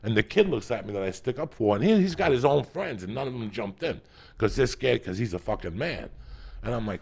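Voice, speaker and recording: A middle-aged man from New Jersey with a gravelly voice, telling a profane, animated story in casual chat and acting out the voices. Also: mid-range voice, quick pace. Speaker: podcast host.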